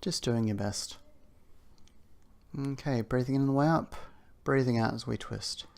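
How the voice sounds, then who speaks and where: A man leading an outdoor exercise warm-up, talking through the moves with chatty asides. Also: medium pitch, unhurried, gravelly. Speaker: exercise instructor. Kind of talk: guided warm-up instruction. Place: outdoors on a windy day.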